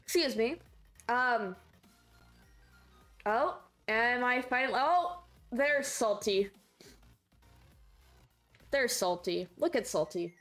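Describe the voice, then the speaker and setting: Excitable high-voiced woman streamer. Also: slow pace, pauses often, soft background music. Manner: excitable, rambling, shrieks and laughs. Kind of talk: casual game livestream chatter.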